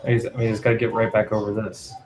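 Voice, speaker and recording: A man's voice: fairly low pitch, flat delivery, fast, a little mellow, soft background music, poor audio. A man co-hosting a live trading stream, asking questions and reading out news headlines. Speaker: trading co-host.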